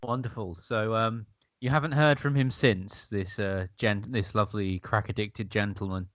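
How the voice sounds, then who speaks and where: A man's voice: fairly low pitch, fairly even intonation, normal speed, fairly bright tone, no echo. A man hosting a casual interview who adds brief, dry, wry remarks and questions.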